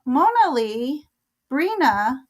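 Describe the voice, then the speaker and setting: Slow, chatty older woman hosting a stream. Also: high-pitched, big pitch swings. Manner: chatty, laughs often, slow and unhurried. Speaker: tarot reader hosting a live stream. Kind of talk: casual live-stream chat.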